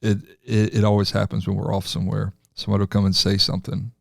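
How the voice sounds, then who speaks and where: Male pastor-host, low gravelly voice, relaxed and affirming, dry close mic. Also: fast talker, dry recording. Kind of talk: casual chat.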